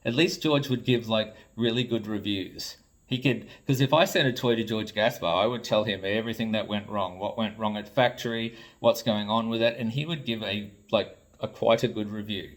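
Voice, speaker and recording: A man's voice: fairly low pitch, fairly even intonation, moderate pace. An Australian man, a toy designer, ranting to camera in an exasperated, blunt way and swearing freely. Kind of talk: ranting vlog commentary.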